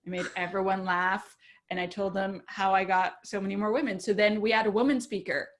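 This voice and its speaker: A woman in her thirties chats as a podcast guest, telling a story in an animated way. She laughs often and puts on quick voices when she quotes other people. Her pitch is in the middle range for a woman.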